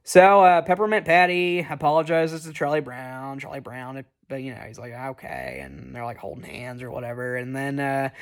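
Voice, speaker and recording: A man's voice: medium pitch, moderate pace, few pauses, clean tone. A man casually recapping a cartoon special, rambling and cursing freely. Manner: rambling, profane, lots of fillers and restarts. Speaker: movie reviewer.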